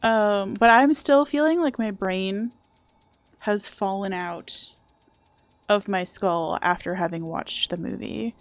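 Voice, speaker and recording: A young woman chats casually while she streams a video game. She is sarcastic and curses freely, and her voice sits at an ordinary pitch. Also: slow, no room sound. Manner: chatty, sarcastic, swears casually, jokes about a movie. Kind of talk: casual live-stream chat.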